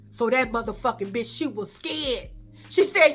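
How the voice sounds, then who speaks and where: A woman's voice: high voice, big pitch swings, unhurried, faint music behind. A woman with a Chicago accent telling a story in a casual, profane way, acting out the voices of the people she quotes. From Chicago, USA.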